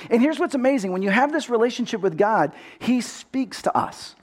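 A man's voice: very high voice, lively intonation, brisk. A middle-aged man from Texas preaching a sermon, telling a personal story earnestly and often restarting his words. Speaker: pastor.

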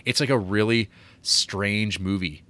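Low-voiced rambling man. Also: unhurried, sharp tone. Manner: rambling, lots of "like" and restarts. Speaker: podcast co-host. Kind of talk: casual movie chat.

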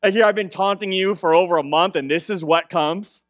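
A man's voice: high voice, a little fast, dry recording, studio quality, lightly acted. A man voicing an arrogant giant warrior who mocks his opponent. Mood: mocking.

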